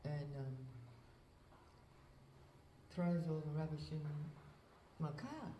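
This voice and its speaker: Whispering tarot reader woman, very mellow. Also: deep voice, reverberant, slight background noise, rough recording. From Western Australia. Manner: soft whispering, rambling storytelling with frequent "right?". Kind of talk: whispered early-morning talk to camera. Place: outdoors on a hill at dawn.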